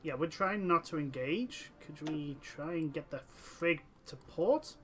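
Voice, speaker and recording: A man's voice: a little high, a little slow, slight background noise. A man commentating a strategy game let's play, talking to his units and to the nations in the game and getting exasperated with them. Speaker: gameplay commentator.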